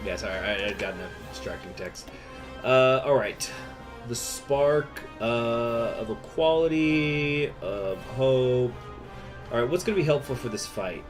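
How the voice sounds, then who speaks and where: A man talks casually through a strategy game, trailing off and getting distracted with plenty of fillers. His voice sits at an ordinary pitch for a man. Game music plays clearly behind him. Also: measured pace. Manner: easily distracted, chatty, many fillers. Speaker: gaming channel host. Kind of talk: casual gameplay commentary.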